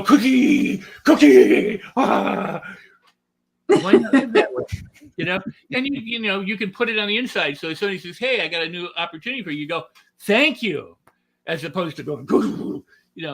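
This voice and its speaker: A middle-aged man, a guest author and speaker, talking animatedly in a casual podcast and acting out quoted voices. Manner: animated, acts out quoted voices with big pitch swings.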